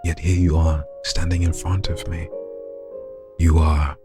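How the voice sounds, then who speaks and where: A man voicing a gentle figure who delivers cruel insults in a soft, soothing way. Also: rumbling low, flat delivery, measured pace, over loud music. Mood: mock-soothing.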